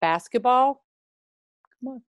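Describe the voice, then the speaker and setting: A woman's voice: a little high, animated, takes it slowly, lo-fi sound. A woman comedian co-hosting a casual chat, trading dry, playful banter over a video call. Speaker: comedian co-host.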